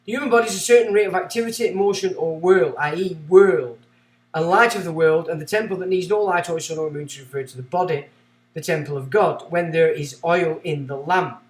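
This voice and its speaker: A man with a fairly high voice hosts a livestream, reading passages from a book aloud. He keeps breaking off into rambling, excitable asides. The sound is roomy and echoey. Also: a little fast. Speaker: livestream host.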